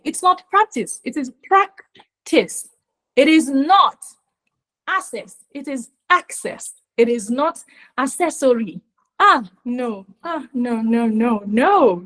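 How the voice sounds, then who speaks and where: A woman gives an animated webinar talk, stressing each point with force. Her voice sits a little high. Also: rough recording. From Nigeria. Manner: emphatic, animated, often acts out mispronunciations. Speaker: webinar speaker on pronunciation.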